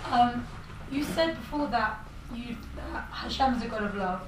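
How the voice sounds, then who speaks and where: A woman's voice: on the high side, moderate pace. A woman with an English accent asking hesitant questions from the audience at a talk. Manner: hesitant, starts with um. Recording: far from mic in echoey room with ambient noise.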